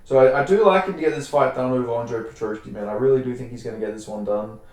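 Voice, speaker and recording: An Australian man talks through fight predictions in a loose, rambling way, circling back on his words and swearing casually. His voice sits at an ordinary middle pitch. The recording rings with heavy room echo. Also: quick pace, a little mellow. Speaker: MMA fight predictions host. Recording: very echoey room.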